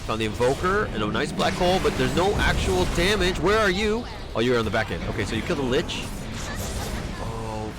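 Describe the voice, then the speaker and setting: A male coach talks through a player's match replay with a lively, swinging pitch. He reacts sharply and repeats urgent instructions. Clear background music plays under his voice. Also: brisk. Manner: animated, exclaims and repeats urgent commands. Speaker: game coach reviewing a viewer's replay. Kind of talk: replay analysis commentary.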